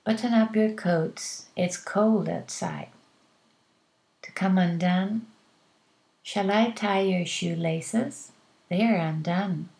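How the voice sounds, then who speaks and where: A woman, teaching by saying classroom phrases slowly and clearly, one at a time. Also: on the low side, a little mellow. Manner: slow, clear, deliberate delivery, phrase by phrase. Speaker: English teacher. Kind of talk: slow modeled classroom phrases for learners.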